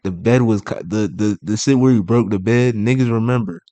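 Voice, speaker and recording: A man's voice: fairly low pitch, a little fast, mellow, no echo. A young man hosting a reaction video, talking loosely in slang and laughing as he comments over clips.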